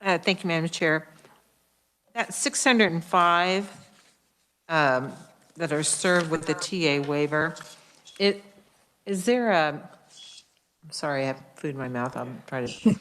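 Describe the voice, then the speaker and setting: A low-voiced woman speaks as a state senator questioning a witness at a committee hearing. She gropes for her words, breaks off, and restarts her sentences many times. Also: measured pace, fairly bright tone, a little hiss or hum.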